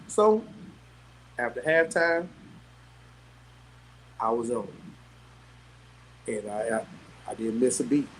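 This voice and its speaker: A middle-aged man tells long stories as a guest, animated and quick to laugh. His voice sits a little high for a man, and he keeps dropping in a casual "man" as he talks. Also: slight background noise, rough recording. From South Carolina, US. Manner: animated, laughs often, peppers talk with "man". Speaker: guest, former pro athlete. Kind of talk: casual storytelling.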